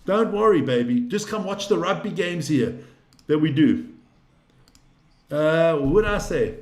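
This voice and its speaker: A man hosting a casual live stream, rambling, swearing freely and getting excitable. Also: fairly high pitch, slow, roomy sound.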